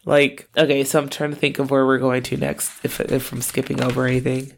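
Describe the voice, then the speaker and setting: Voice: medium pitch, little pitch movement, fairly quick, vocal fry, a little hiss or hum. A podcast co-host recapping a TV episode in casual chat, rambling with lots of "like" and frequent laughs. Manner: rambling, laughs often, fills with "like".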